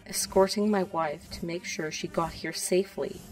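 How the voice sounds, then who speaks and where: A woman's voice: fairly low pitch, fairly even intonation, normal speed, distant mic, soft background music, natural voice, rough recording. Draco: a woman reading a cold drawling young wizard. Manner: drawling, contemptuous.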